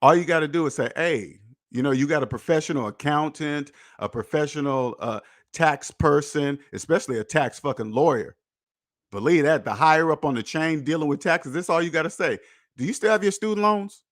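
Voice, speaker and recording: A man hosting a personal finance podcast in an emphatic, preachy monologue, repeating points and swearing, swinging between loud jabs and low muttered asides. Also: brisk. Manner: emphatic, preachy, repetitive, with profanity. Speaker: podcast host.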